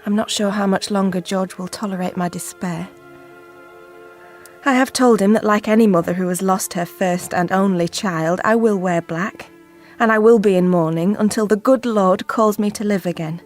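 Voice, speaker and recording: A woman's voice: mid-range voice, soft background music, close to an everyday voice. A woman playing a grieving Victorian mother. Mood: despairing. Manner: formal, measured diary reading. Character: grieving Victorian mother, diarist, bereaved and withdrawn. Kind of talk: radio drama acting.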